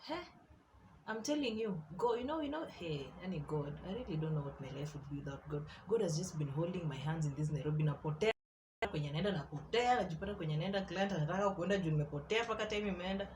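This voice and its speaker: A young Kenyan woman tells a story in a casual vlog. Her voice sits a little low, and she talks in an animated, laughing way, slipping between English and Swahili slang. Faint room ambience hums behind her. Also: quick pace, background noise. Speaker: artist and vlogger.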